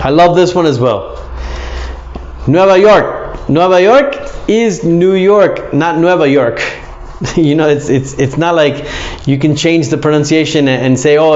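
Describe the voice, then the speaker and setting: A man teaching English pronunciation, repeating each word slowly with exaggerated emphasis. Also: fairly high pitch. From United States. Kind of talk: pronunciation lesson. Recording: echoey room, slightly dull sound.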